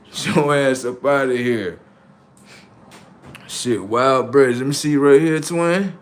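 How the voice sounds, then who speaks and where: A man's voice: medium pitch, slow. A young man live-streaming, doing brash, profane, mocking banter with his chat. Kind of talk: casual live-stream commentary.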